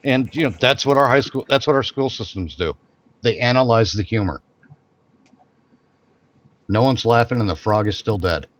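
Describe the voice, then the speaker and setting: A man's voice: medium pitch, moderate pace, long pauses. A man co-hosting a podcast in casual chat, rambling, repeating and restarting his phrases as he goes. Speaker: podcast co-host.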